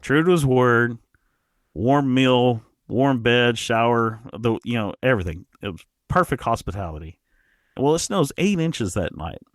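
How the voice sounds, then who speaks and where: A man's voice: medium pitch, unhurried, dry recording. Man telling a story on a dry mic. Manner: animated storyteller, frequent restarts. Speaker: podcast guest. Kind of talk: casual storytelling.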